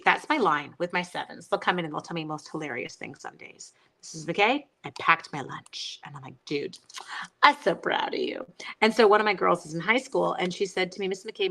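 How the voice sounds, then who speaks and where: A woman's voice: on the low side, a bit bright, poor audio. A middle-aged woman hosting a casual crafting livestream, chatting and teasing herself while answering viewer comments.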